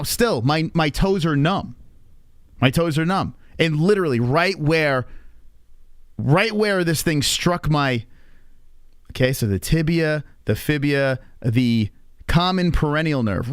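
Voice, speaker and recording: A man in his thirties hosting a live stream, telling rambling, profane anecdotes in a casual, animated way. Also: on the high side, dry recording, studio quality. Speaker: stream host.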